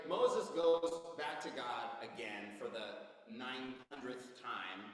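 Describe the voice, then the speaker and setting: A man preaching to his congregation, his pitch rising and falling freely as he retells old stories in everyday speech. He sounds far from the mic, with heavy echo ringing through a large hall. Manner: animated storytelling, retells scripture in casual modern speech. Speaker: pastor. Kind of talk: sermon. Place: church sanctuary.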